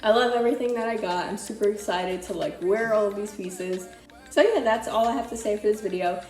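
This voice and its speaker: A woman's voice: medium pitch, fairly quick, a little mellow. Young woman rambling about thrift finds, kinda breathless, echoey room w faint music. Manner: chatty, loose, lots of "like". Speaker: vlogger. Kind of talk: casual thrift haul vlog.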